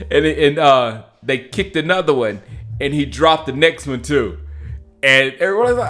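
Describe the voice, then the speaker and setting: A man hosting a casual sports livestream, excitable and laughing often as he comments on clips. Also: mid-range voice, normal speed.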